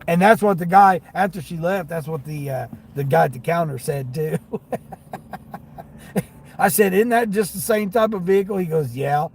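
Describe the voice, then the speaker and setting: A man's voice: on the high side, normal speed, poor audio. A man telling a funny story in casual livestream chat while driving for deliveries, laughing and acting out what people said. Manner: laughing, animated retelling with quoted voices. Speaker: delivery driver streamer. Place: in a car. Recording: car noise behind the voice. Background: car and street noise.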